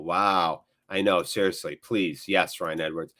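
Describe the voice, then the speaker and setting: A man hosting a live football watchalong, switching between excitable play-by-play and chatty replies to viewers. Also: deep voice, unhurried, few pauses. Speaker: watchalong host. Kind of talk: live match watchalong commentary.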